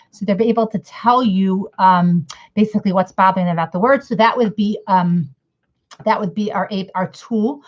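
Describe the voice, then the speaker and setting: A woman's voice: mid-range voice, normal speed. Chatty woman teaching, slightly lo-fi. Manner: chatty, rambling, acts out mock dialogues. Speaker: educator. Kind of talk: casual spoken lesson. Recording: slightly dull lo-fi audio.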